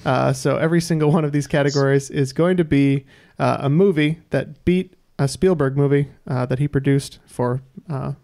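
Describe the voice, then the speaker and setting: A man hosting a podcast quiz, reading trivia questions in a measured way with dry asides. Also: mid-range voice, dark tone. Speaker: quiz host.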